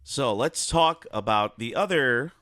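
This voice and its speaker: Young male host from New Jersey, mid-pitch, chatty, read-aloud notes broken up by asides, dry recording. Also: unhurried, no echo. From New Jersey, USA. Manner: chatty, wandering asides, lively pitch jumps. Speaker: animation review host. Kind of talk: scripted commentary mixed with casual asides.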